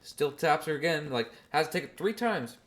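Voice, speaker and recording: A man in his twenties, a podcast host telling a story in a casual, animated way, swearing and using slang freely. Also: on the high side, normal speed.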